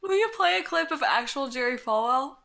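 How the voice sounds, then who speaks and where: A woman's voice: high voice, lively intonation, a little fast, vocal fry, a bit bright. A young woman co-hosting a podcast in crude, teasing, giggly casual chat. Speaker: podcast co-host.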